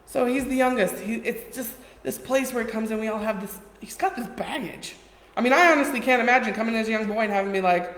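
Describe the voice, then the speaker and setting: A woman's voice: a little high, a little fast. Woman preaching in an echoey hall. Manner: conversational, storytelling with quoted voices. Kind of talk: informal sermon. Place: church hall. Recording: echoey hall with long reverb.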